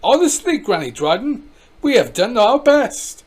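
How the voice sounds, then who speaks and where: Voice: medium pitch, sing-song, a little slow, slightly rough, pitched above the performer's own voice. A storybook reader voicing an earnest village postman pleading his case.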